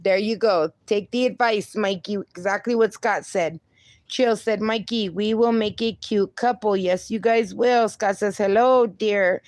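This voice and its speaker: A young woman chats slowly and easily on a casual livestream, reading out viewer comments and cheering people on with a laugh and a bit of swearing. Her voice sits at an ordinary middle pitch and sounds dry and close, with no room around it. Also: darkish tone, no echo. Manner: upbeat, encouraging, laughs often, mild swearing. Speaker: livestream host.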